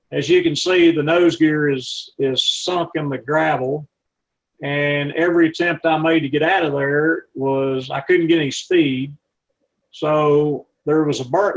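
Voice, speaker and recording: Gravelly folksy man telling flying stories. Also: on the high side, dull audio. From not from Texas. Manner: rambling, folksy, frequent restarts. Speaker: aviator and aircraft mechanic giving a talk. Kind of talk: anecdotal storytelling talk with slides.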